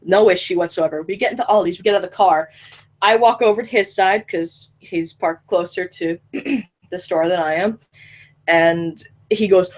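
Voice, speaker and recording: A woman in her early twenties telling a funny story in casual chat, animated, laughing often and swearing freely. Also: fairly low pitch, moderate pace. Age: 20s.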